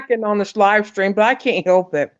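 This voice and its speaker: A woman's voice: mid-range voice, fairly quick. A woman from Alabama with a Southern accent, co-hosting a casual livestream in a frank, blunt, talkative way. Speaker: livestream co-host. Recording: dull, muffled audio.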